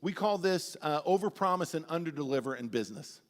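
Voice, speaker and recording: A man preaching a sermon as pastor, telling animated, humorous stories with big swings in his voice. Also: fairly high pitch, fairly quick. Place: church sanctuary. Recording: long church-hall reverb.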